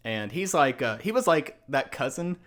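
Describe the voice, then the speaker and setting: A young man in his twenties tells a story on a podcast in a casual way. He is animated and acts out the lines of the people in it, and he laughs often as he goes. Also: a little high, moderate pace. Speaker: podcast guest.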